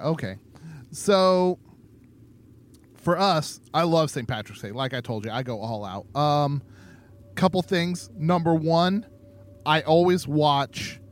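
A man's voice: a little high, slow pace, long pauses. A man co-hosting a podcast, steering the conversation and teasing his partner playfully. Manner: teasing, playful, leads the talk. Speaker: podcast co-host. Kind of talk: casual chat.

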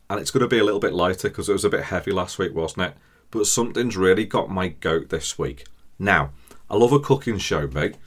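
A deep-voiced man talks straight to his listeners as a podcast host. He rants in a jokey, chatty way about everyday annoyances. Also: fairly bright tone. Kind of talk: casual solo podcast chat.

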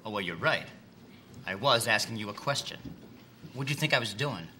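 A man's voice: fairly low pitch, lively intonation, moderate pace, background noise, lightly acted. An actor playing a rude, scatterbrained boss in a comedy sketch, talking bluntly and dragging out his words. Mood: badgering. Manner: blunt, rambling, drags out words. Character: rude scatterbrained middle-aged male boss.

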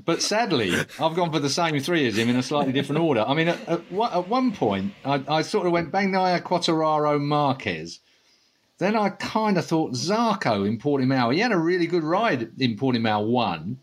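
A man's voice: fairly high pitch, sing-song, normal speed, a little hiss or hum. A man with an Essex accent, a motorcycle racing commentator chatting on a podcast in a blunt, jokey way. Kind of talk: casual podcast chat.

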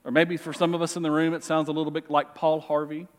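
Expressive male pastor preaching. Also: fairly high pitch, quick pace. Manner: lively, expressive, jokes with the congregation. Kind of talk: sermon. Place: church sanctuary. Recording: long reverb of a church hall.

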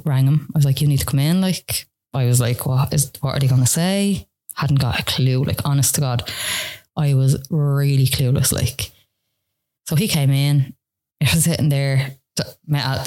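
With a low-pitched, slightly mellow voice, an Irish woman guesting on a podcast shares a personal story casually. The telling rambles, packed with "like" and reenacted dialogue.

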